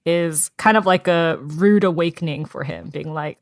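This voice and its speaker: A woman's voice: low-pitched, moderate pace, hardly any pauses, no room sound, clean studio sound. A woman co-hosting a podcast, chatting casually about a novel and acting out characters' lines. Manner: animated, acts out characters' lines in quotes. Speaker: podcast co-host. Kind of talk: casual book club chat.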